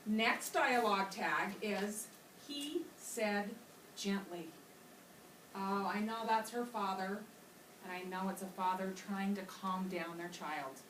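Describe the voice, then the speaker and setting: A woman's voice: medium pitch, takes it slowly. Woman teacher, patient classroom explainer, picked up from afar in an echoey room. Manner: patient, explanatory, models voices for children. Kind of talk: classroom reading lesson. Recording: echoey classroom from far off with loud noise.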